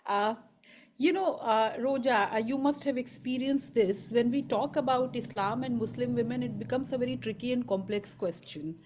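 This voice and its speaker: A woman at a conference asking a long, searching question, thinking aloud and pausing often. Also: fairly high pitch, darkish tone, slight background noise. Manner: halting, many fillers and restarts, thinking aloud. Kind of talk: spontaneous academic question.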